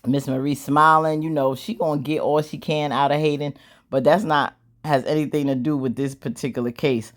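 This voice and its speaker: This is a woman with a low-pitched voice casually recapping a TV drama. Her delivery is animated and full of slang. She acts out the characters' lines as she tells the story. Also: normal speed. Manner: animated, slangy storytelling with squealing acted-out quotes and laughs. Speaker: show recap host.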